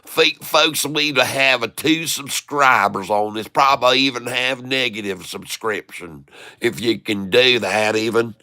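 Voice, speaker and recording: A folksy, drawling rural Southern man, put on by a man with a thick Southern accent spins tall talk in a bright, forceful voice. The tone is crisp and smooth, recorded dry and close. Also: medium pitch, measured pace, dry recording.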